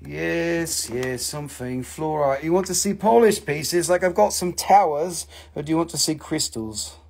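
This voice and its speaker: A man's voice: fairly high pitch, unhurried, gravelly, darkish tone. A man hosting a live mineral sale, chatting enthusiastically and answering viewer comments. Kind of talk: casual live-stream sales chat.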